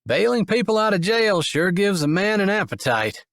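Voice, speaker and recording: A man's voice: high-pitched, big pitch swings, moderate pace, fairly bright tone, dry recording, studio quality, pitched above the performer's own voice, heavily acted. A male narrator voicing a playful, dramatic younger brother in an audiobook, speaking with a joking, smirking manner in a raised voice. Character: teasing, dramatic younger brother, adult man. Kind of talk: audiobook character voice.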